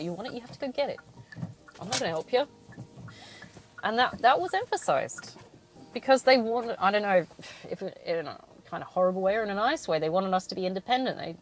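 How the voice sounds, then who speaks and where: A young woman vents in a blunt, profane monologue from the driver's seat. She talks in a mid-range voice and acts out the arguments she quotes. Music plays clearly beneath her. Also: mid-range voice, poor audio. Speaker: podcast host. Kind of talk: casual monologue while driving. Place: in a car.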